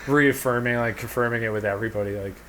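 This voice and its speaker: A man's voice: medium pitch, steady tone, fast talker, fairly bright tone, slight background noise. A man co-hosting a podcast, telling a long casual story in a rambling, profane, laid-back way. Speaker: podcast co-host.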